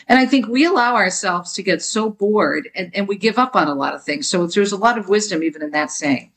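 A woman from Jersey City, New Jersey, a book author being interviewed, telling stories in an animated way. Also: mid-range voice, fairly quick, few pauses, poor audio. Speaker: author guest.

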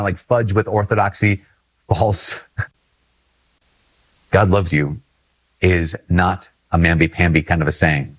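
A man's voice: low-pitched, breathy edge, no echo. A man from Minnesota, a priest, giving a conversational homily with earnest emphasis and repeated phrases.

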